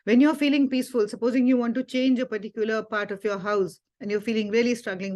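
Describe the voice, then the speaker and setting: A woman with a somewhat high, slightly mellow voice speaks briskly as a wellness teacher giving a Sunday talk. She earnestly tells a personal story, using many fillers and quoting dialogue.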